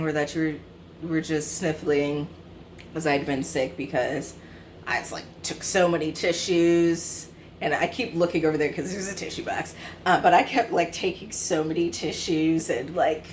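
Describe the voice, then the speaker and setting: A woman's voice: fairly low pitch, slight background noise. A woman in her twenties chatting casually about books she has read, rambling with many fillers and self-corrections. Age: 20s. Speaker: book vlogger. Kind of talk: casual book review chat.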